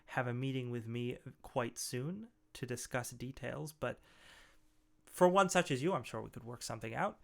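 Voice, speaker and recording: A man voicing a courteous male ogre mage with a heavy bass voice, speaking formally and slowly in a tabletop game. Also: vocal fry, close to an everyday voice. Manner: measured, formal speech with pauses. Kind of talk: tabletop game role-play.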